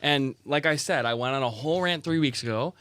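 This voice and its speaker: A man's voice: mid-range voice, a little fast, a bit bright, smooth, no echo. A young man in his twenties co-hosting a football podcast, talking emphatically and ranting to prove his point. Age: 20s. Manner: emphatic, ranting, self-vindicating. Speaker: podcast co-host. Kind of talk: casual football podcast chat.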